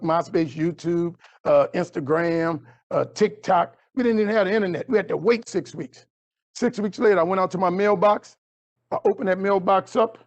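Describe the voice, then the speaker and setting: A man giving a motivational talk, telling a story and acting out every line of dialogue. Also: lo-fi sound. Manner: animated storyteller acting out dialogue with big pitch jumps. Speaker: motivational speaker. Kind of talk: storytelling keynote speech.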